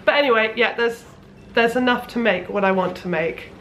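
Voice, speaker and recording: A woman's voice: a little high, moderate pace, fairly bright tone, slight background noise. A young woman, a sewing vlogger, chatting casually at her parents' house with plenty of ums and restarts. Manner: chatty, rambling, lots of fillers. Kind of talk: casual chat.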